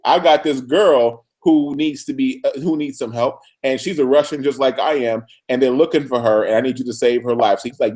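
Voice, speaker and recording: A man co-hosting a casual TV recap chat, animated and acting out characters. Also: brisk, few pauses. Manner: animated, acts out characters with big pitch jumps. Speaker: podcast co-host.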